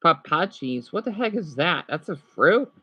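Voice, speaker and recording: A woman livestreaming casually, reading practice words aloud and chatting with her viewers, excitably exclaiming at surprises. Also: lowish voice, normal speed, husky, no echo. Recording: dull lo-fi sound.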